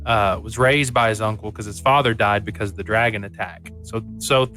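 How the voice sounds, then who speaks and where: A man's voice: lowish voice, fairly even intonation, fairly quick, pushed and bright, faint music behind. A man from Georgia with a Southern American accent, a player explaining his character in a matter-of-fact way. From Georgia, United States. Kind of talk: casual chat between game sessions.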